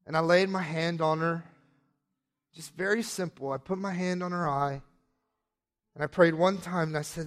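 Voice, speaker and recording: A man preaching a sermon and telling a personal testimony, passionate, moving between hushed moments and excited shouts. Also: on the high side, normal speed, long pauses.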